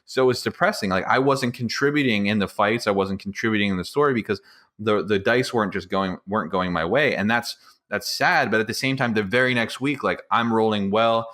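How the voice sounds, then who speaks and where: A man with a somewhat low voice chatting on a podcast. He rambles enthusiastically, piling up filler words as he tells stories from game night. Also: a little fast, a bit bright. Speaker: podcast co-host. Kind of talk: casual chat.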